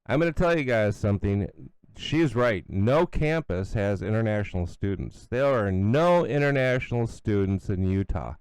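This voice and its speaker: A man's voice: fairly low pitch, animated, moderate pace, darkish tone, smooth, no room sound. A middle-aged man hosting a solo commentary show, blunt and sarcastic, scornful, with frequent asides and restarts. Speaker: radio commentary host.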